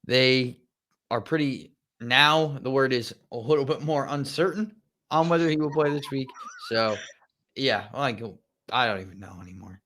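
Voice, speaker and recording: A man's voice: mid-range voice, normal speed, a bit bright. A man co-hosting a fantasy football podcast in casual chat, mild-mannered and against swearing, often restarting his sentences. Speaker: podcast co-host.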